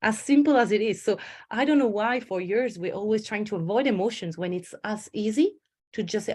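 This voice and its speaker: A woman's voice: mid-range voice, brisk, a little mellow, husky. A middle-aged woman, a stress management coach giving a webinar and telling stories with acted inner voices. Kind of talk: webinar presentation.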